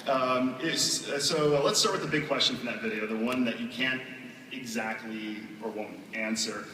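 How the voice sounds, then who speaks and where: A man's voice: medium pitch, normal speed, far from the mic, background noise. A man moderating a convention panel, asking chatty, casual questions. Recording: echoey convention hall filmed on a phone from afar.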